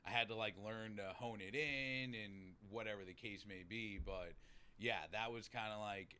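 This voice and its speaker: With a lowish, smooth voice at a moderate pace, a man in recovery shares stories as a podcast guest. His Boston accent is clear, his swearing is constant, and he acts out quotes with lively energy.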